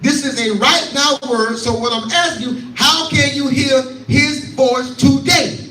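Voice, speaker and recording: High-pitched preacher in an echoey room. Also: male voice, a little slow, pushed and bright, far from the mic. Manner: call-and-response preaching, repeats lines, quotes scripture. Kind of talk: scripture teaching sermon.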